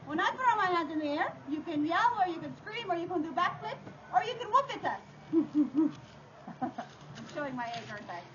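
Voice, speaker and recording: A woman's voice: very high-pitched, very animated, moderate pace, pauses often, fairly bright tone. A woman performing a live dog show outdoors at a faire, playful and theatrical as she addresses the crowd. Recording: dull lo-fi sound with noise.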